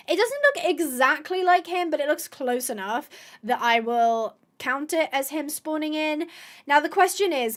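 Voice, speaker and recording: A woman hosting a gameplay video, chatting casually to viewers, thinking aloud with excited gasps and asides. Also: high-pitched. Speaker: gaming video host.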